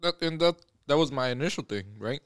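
A man's voice: a little high, expressive, brisk, smooth, no echo, clean studio sound. A man co-hosting a podcast, teasing and laughing in casual chat. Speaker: podcast co-host.

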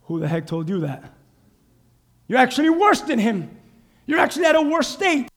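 A preacher doing God, stern and blunt. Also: male voice, very high-pitched, very animated, moderate pace. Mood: scolding. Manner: blunt, scolding. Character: stern God rebuking a proud man.

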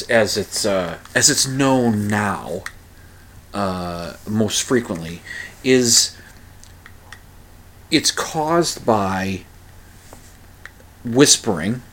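Slow, rambling man hosting a podcast. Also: lowish voice, fairly bright tone. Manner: rambling, many uh fillers and restarts. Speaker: podcast host. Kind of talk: casual monologue.

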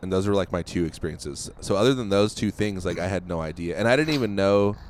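Deep-voiced man chatting casually. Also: animated, fast talker, a little hiss or hum. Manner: rambling, full of "like", laughs easily. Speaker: podcast cohost. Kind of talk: casual chat.

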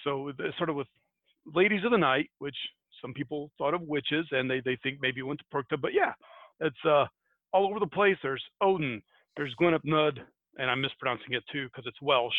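A man's voice: fairly high pitch, normal speed, no room sound. An American man hosting a podcast in casual chat, rambling and laughing at himself as he retells a folktale. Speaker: podcast host. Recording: tinny phone-like dry sound.

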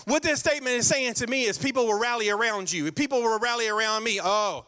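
A man preaching a sermon as pastor, emphatic and direct, repeating key lines, slowing down for scripture and teasing his congregation. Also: extremely high pitch, sharp tone, smooth. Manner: direct, playful jabs at the congregation.

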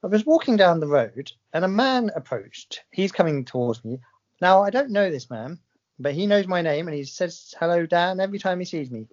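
A podcast co-host from England with a southern English accent chats casually, his voice high-pitched, very animated and a little mellow at a moderate pace. He's a playful storyteller who acts out the voices in his anecdotes. The recording has a slightly dull, lo-fi sound.

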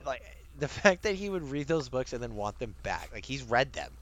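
A man co-hosting a casual podcast chat, animated, swearing casually and laughing often. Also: medium pitch, normal speed, a little hiss or hum. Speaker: podcast co-host. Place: lives near Maryland.

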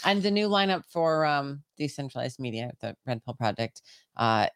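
A woman with a notably low voice co-hosts a podcast in a loose, laughing chat. She is middle-aged and tells stories in a relaxed, easygoing way. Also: moderate pace, smooth, dry recording, studio quality. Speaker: podcast co-host. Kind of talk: casual chat.

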